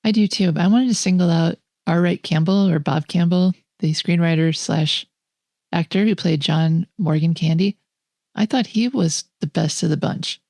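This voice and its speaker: A woman's voice: fairly low pitch, normal speed, vocal fry, darkish tone, dry recording, clean studio sound. A woman co-hosting a film podcast, talking in an enthusiastic, opinionated way and laughing often. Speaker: podcast co-host. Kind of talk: casual film review chat.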